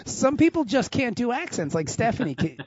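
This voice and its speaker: High-pitched, lively joking man. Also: fairly quick, husky, dry recording, muffled recording. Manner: crude, joking, animated. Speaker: podcast co-host. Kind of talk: casual chat. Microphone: remote call.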